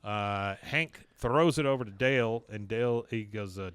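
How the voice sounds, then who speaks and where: A man co-hosting a podcast, casually retelling a cartoon episode and jumping into quick voices for the characters. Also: on the low side, clean tone, no echo. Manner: animated, acts out characters' lines in quick put-on voices. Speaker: podcast co-host recapping an episode.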